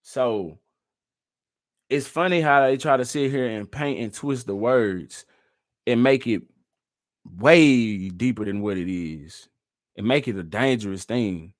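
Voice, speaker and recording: A man's voice: medium pitch, slow, long pauses, no echo, clean studio sound. A man vlogging casually and reacting to clips, slangy and loose. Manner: laid-back, slangy and loose.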